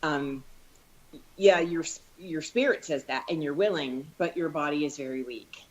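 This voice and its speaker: A woman with a notably low voice talks through a faith story on a podcast. She is earnest and heartfelt, circling back and restarting her phrases as she retells the scene. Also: unhurried, low-quality recording. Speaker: podcast co-host. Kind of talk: casual discussion on faith.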